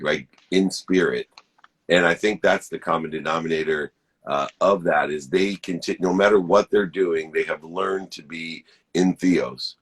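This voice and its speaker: Man, talk show host, enthusiastic, rambling, spiritual asides, husky tone. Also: sits low. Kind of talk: energetic podcast conversation.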